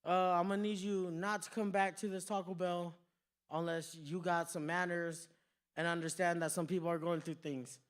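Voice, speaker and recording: A comedian acts out a stern male fast-food manager. The man speaks in a firm, measured tone. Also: sits high, flat delivery, pitched below the performer's own voice, lightly acted.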